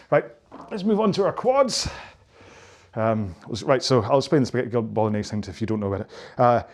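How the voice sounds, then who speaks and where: A Scottish man of middle pitch, around forty, talks viewers through a cooldown stretch routine. He rambles into jokes and pokes fun at himself between plain cues. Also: a little mellow. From Scotland. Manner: jokey, rambling, self-deprecating. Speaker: rowing fitness instructor. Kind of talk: follow-along stretching instruction.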